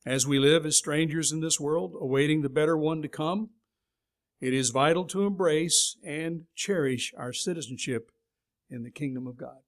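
A man's voice: on the high side, normal speed. A middle-aged man from California giving a sermon in a folksy, conversational storytelling way. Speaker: preacher.

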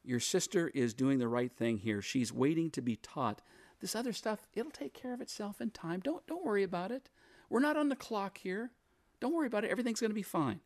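A preacher softly voicing a gentle teacher who calms down an upset woman. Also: mid-range voice, moderate pace, hardly any pauses, dry recording, voice pushed down, lightly acted. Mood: soothing. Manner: soft, hushed and reassuring. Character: calm, gentle male teacher soothing a quarrel.

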